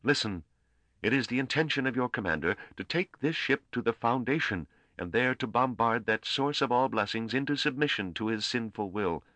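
A man voicing a stately priest who solemnly strips a commander of his command in the name of a higher spirit, in an audiobook. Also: expressive, normal speed, sharp tone, no room sound. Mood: denouncing. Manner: grave, intoning, commanding.

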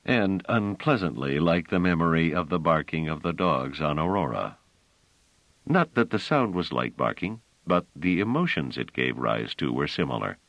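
A man narrating an audiobook in a measured, expressive storytelling manner. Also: deep voice, no echo, muffled recording.

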